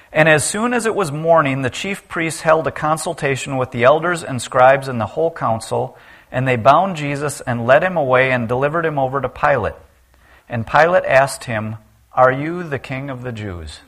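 A man preaching a sermon and reading scripture aloud. He gets loud at the cries and drops low and quiet on the key lines.

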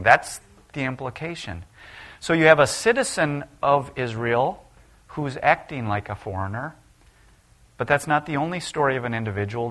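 A middle-aged man preaching a sermon. He retells Bible stories and voices the people in them, at times rising to loud exclaims. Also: medium pitch.

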